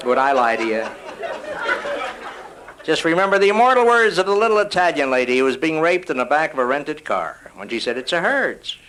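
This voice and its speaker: A man doing live stand-up comedy, rattling off rapid-fire one-liners with punchy delivery. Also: a little high, big pitch swings, fairly bright tone, some chatter behind, a little hiss or hum, poor audio. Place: live nightclub show. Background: music.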